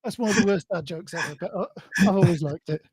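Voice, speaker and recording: A man's voice: high voice, fast, a little mellow, slight background noise. British man in hesitant, chatty talk. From Britain. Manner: tells jokes with put-on voices, hesitant fillers. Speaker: guest. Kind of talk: casual chat.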